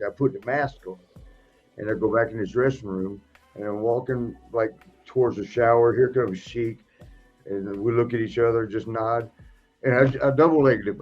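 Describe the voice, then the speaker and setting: Man, podcast host, casual storytelling, husky, muffled lo-fi sound. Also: mid-range voice, normal speed, darkish tone, soft background music. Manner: rambling, laughing, frequent restarts. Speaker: podcast host, retired wrestler.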